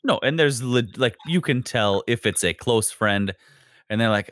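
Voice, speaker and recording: A man talks easily and casually as host, his pitch jumping around as he acts out snippets of small talk. The sound is close and dry, with no room around him. He keeps a middle pitch between his bursts. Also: normal speed, no room sound. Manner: animated, acts out everyday exchanges in voices. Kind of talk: casual conversation.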